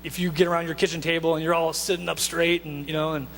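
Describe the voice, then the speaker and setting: A male pastor with a high voice delivers a casual, animated sermon full of asides and quick restarts. His voice rings out through a reverberant church hall, with a faint mains hum underneath. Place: church sanctuary.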